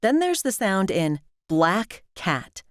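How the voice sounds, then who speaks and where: American woman, pronunciation teacher, slow careful delivery, lively lilting pitch, dry close sound. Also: dry recording. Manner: clear, careful enunciation of example words. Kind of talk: scripted instructional narration.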